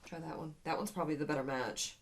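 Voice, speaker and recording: A woman's voice: deep voice, fairly even intonation, fast, background noise. A middle-aged woman chatting casually with her daughter while doing makeup, teasing and laughing often. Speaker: beauty vlogger, mother. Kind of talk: casual chat.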